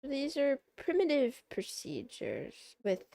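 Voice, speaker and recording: A woman streamer chatting casually with her viewers in a soft, playful, giggly way. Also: sits high, wildly swooping pitch, slow pace, creaky.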